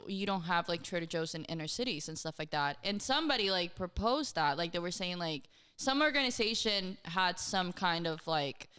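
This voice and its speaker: A woman's voice: fairly low pitch, animated, moderate pace, bright, forceful tone, clear, resonant tone. A woman co-hosting a casual chat show, talking bluntly with plenty of slang and swearing. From Texas. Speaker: co-host.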